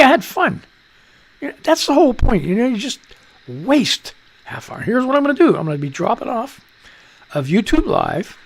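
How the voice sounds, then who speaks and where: A man's voice: high-pitched, creaky. A man hosting a live radio and stream show, rambling loosely and jokily through news headlines, muttering to himself between reads. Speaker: radio and livestream host.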